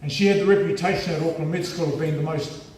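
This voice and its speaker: A man with a New Zealand accent giving a lively, humorous storytelling speech as a guest speaker at a school assembly. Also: on the high side, quick pace, slight background noise. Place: large school hall. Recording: echoey hall from far off.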